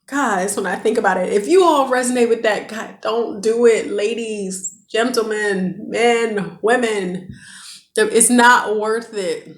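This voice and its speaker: A vlogger in her thirties speaks directly to her viewers, sharing a personal story in a chatty, emotional way. Her voice is medium-pitched and unhurried, recorded in an echoey room.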